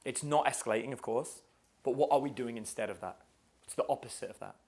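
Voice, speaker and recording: A man's voice: mid-range voice, quick pace, creaky, darkish tone. A man teaching a live dating seminar in a casual, swearing style, quizzing his audience. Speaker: dating coach.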